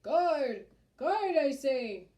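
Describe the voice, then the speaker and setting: A fussy, self-important town mayor fills a storybook scene with bluster and bellowing, as a woman puts him on. The voice sits mellow and soft-edged. A roomy echo hangs around each line. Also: medium pitch, moderate pace, close to an everyday voice. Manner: bellowing, pompous.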